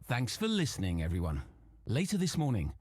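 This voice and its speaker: An actor playing a calm male radio news anchor in a video game, reading the news in a smooth, measured broadcast style. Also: mid-range voice, dry recording. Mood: steady.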